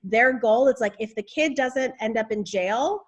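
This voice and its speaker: A woman guest in a casual interview, talking in an animated, expressive way about family life. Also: a little high, normal speed, slightly rough, muffled recording. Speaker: guest, author and speaker.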